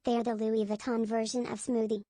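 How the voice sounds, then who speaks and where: A woman making wry, quick interjections in casual chat. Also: a little high, little pitch movement. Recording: noisy background hiss.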